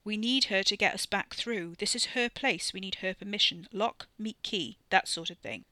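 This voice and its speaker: A woman voicing a blunt, crude young man, gruff and offhand, read from a storybook. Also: mid-range voice, normal speed, sharp tone, dry recording, natural voice. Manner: gruff, offhand, swearing casually.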